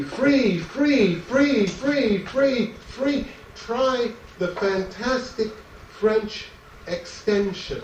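A man giving a live poetry reading, chanting his lines rhythmically with wry asides between poems. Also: high voice. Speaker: poet. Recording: echoey room, distant mic, background noise.

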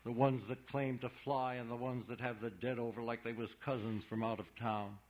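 Reading an audiobook, a man voices a big, blustering small-town figure who hectors a boy in folksy, ungrammatical speech. His natural voice is medium-pitched, level, and moderately paced, on a dull lo-fi recording.

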